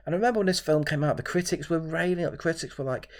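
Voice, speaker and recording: A man who reviews films on his own channel rants solo to camera in a high-ish voice at a quick pace. He sounds exasperated and keeps repeating himself.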